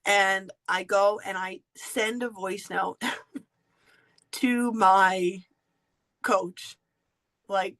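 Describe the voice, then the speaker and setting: A woman hosts her own podcast and shares a personal story in a candid, animated way. She laughs often as she talks. Her voice sits at a middle pitch. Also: slow, long pauses, poor audio. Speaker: podcast host.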